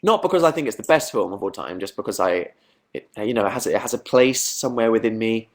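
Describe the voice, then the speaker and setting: A man's voice: lowish voice, lively intonation. Chatty young man livestreaming. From Britain. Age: young adult. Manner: chatty, self-mocking, quick asides. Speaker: livestream host. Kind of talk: casual livestream chat reading comments.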